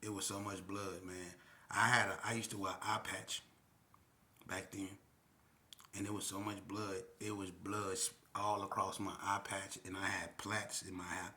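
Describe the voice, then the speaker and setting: A man's voice: sits low, little pitch movement, moderate pace, sharp tone. A man telling a personal story in casual, slangy street talk, often checking in with "you know what I'm saying".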